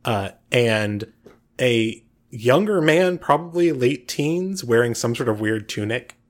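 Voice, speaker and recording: A man narrating as game master of a tabletop game, relaxed and filling pauses with uh and um. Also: lowish voice. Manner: relaxed, frequent uh and um fillers.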